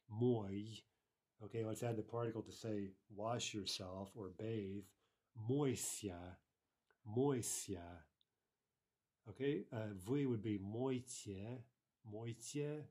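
A man teaching an online grammar lesson, explaining step by step, repeating each word slowly and often asking "right?". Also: fairly low pitch, dark tone. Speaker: language teacher.

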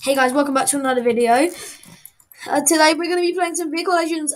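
High-voiced young woman narrating gameplay. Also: brisk, poor audio. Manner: rambling, giggly, easily flustered. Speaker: gaming channel host. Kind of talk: casual gameplay commentary. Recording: loud background noise.

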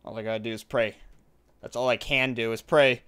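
A man casually commentating his gameplay, panicky and exclaiming, quick to laugh. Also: mid-range voice, steady tone, a bit bright, smooth. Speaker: gaming video host.

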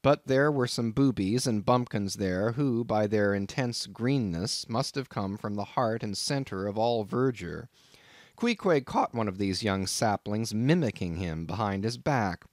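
A man reading a classic novel aloud as an audiobook narrator, in a measured, dramatic storytelling manner. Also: lowish voice, no echo, studio quality. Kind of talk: scripted narration.

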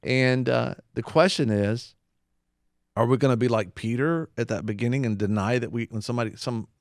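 A man's voice: medium pitch, normal speed, dry recording, clean studio sound. A man hosting a Christian talk show, speaking emphatically like a preacher and repeating points for stress.

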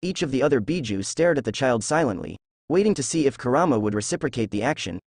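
A young man reading a fan-fiction story aloud at a steady, unhurried pace. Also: mid-range voice, dry recording, clean studio sound.

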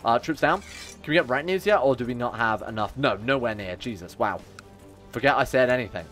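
A man's voice: mid-range voice, fairly quick, faint music behind. A man streaming a strategy game live, joking around, swearing and talking to his chat. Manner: animated, jokey, swears, talks to chat. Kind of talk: live gameplay commentary.

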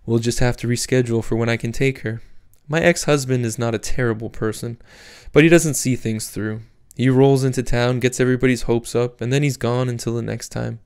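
A man voicing a tired, gentle divorced mother who talks softly and with resignation in an audiobook. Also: mid-range voice, fairly even intonation, brisk, clean tone, close to an everyday voice. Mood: resigned. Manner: soft, weary, resigned.

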